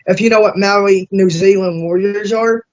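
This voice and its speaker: A man hosting an interview, chatting casually and excitably with plenty of swearing. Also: high-pitched. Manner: excitable, profane, fast bursts. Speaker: interview host. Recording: dull lo-fi sound.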